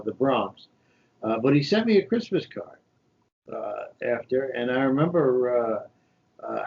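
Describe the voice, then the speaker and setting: A man in his fifties from New York, telling animated stories in an interview and acting out the quotes. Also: medium pitch, lo-fi sound. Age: 50s. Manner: animated anecdotal storytelling with voiced quotes. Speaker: guest, shadow senator. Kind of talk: storytelling interview.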